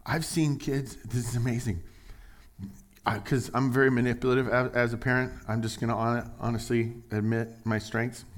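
Preaching at a moderate pace, this pastor is lively, swinging between forceful outbursts and hushed, low-voiced asides. When he quotes people, he performs their voices.

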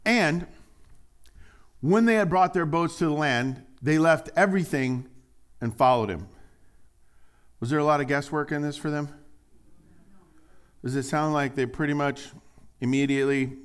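A man preaching a sermon as pastor, animated and jokey, acting out little dialogues in put-on voices. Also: a little high, unhurried, pauses often, smooth.

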